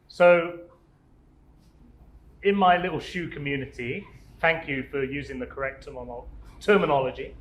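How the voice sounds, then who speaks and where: Guy doing a deadpan crude shoe character, kinda high voice, echoey room. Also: lo-fi sound. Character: man playing a tired, crude, unsexy talking shoe. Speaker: improv guest character. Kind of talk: improv comedy. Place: live improv stage. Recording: echoey room, loud background noise.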